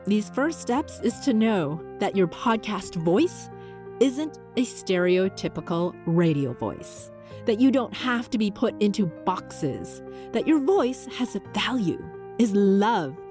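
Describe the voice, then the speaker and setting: A woman hosting a solo podcast, coaching listeners in an encouraging, animated way with playful voice shifts. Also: medium pitch, slow, soft background music. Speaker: podcast host.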